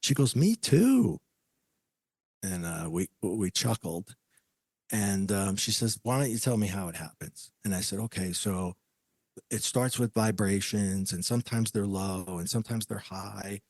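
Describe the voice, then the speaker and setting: A man's voice: deep voice, moderate pace, dry recording. A man telling a personal story as a podcast guest, acting out the voices of the people he quotes.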